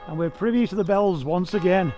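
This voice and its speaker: A man's voice: high-pitched, brisk, dark tone, faint music behind, rough recording. A middle-aged man narrating a walking tour vlog, chatty and full of admiration, filmed on an action camera outdoors and in a small shop. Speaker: vlogger touring villages. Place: outdoors in a village, then inside a small shop. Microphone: action camera mic.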